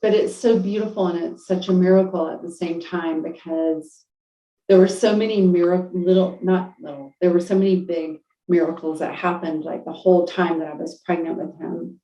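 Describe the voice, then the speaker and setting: A woman's voice: fairly low pitch, steady tone. Heartfelt woman guest, roomy distant sound. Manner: heartfelt, halting, many fillers and restarts. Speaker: podcast guest. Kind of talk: emotional personal storytelling. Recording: roomy, distant, dull lo-fi audio.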